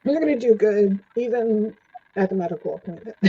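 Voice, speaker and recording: An older woman tells her stories as an interview guest, chatty and quick to laugh. Her voice is mellow and a little husky. The recording sounds dull and lo-fi. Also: medium pitch. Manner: chatty, laughs often, acts out quoted lines. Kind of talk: storytelling in a casual interview.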